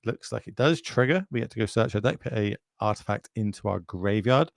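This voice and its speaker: A man's voice: lowish voice, expressive, a little fast, gravelly, no echo, studio quality. A man with a British accent doing chatty, jokey live commentary on a card game and speaking straight to viewers.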